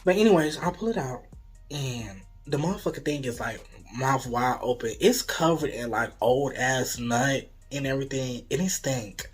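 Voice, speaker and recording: A young adult vlogger tells a storytime with a husky, slightly breathy voice and lots of swearing. The delivery is animated, jumping between loud asides and hushed, dramatic whispers. Faint music plays underneath. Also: medium pitch, normal speed. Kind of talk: casual storytelling to viewers.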